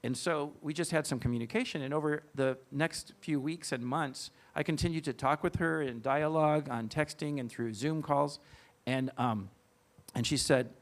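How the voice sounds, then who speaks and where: A middle-aged man, a guest speaker at a church event, telling a personal story in an earnest, halting way with fillers and restarts. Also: fairly high pitch.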